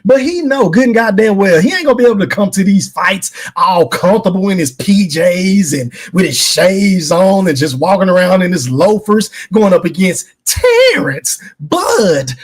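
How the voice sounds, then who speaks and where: A man hosting a live podcast delivers an emphatic, profane rant, calling out his chat. His voice sits high and leaps all over the place. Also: breathy edge. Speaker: podcast host. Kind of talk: animated boxing opinion rant.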